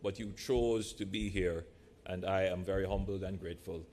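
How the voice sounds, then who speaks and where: A man from Jamaica, a politician giving a measured, deliberate speech to a live audience in a large church hall, with playful asides. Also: deep voice, fairly even intonation, a little mellow, a little hiss or hum.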